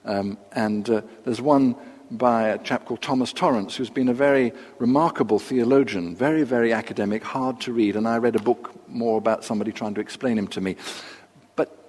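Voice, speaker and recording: An older man preaching a sermon, measured and unhurried, with pauses and asides. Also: mid-range voice, a little mellow, breathy edge. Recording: long reverb of a large hall.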